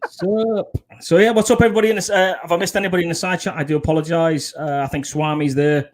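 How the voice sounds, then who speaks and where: Sweary British livestream host. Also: male voice, fairly high pitch, fairly even intonation, quick pace. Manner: swearing, laughing banter. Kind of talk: casual livestream chat.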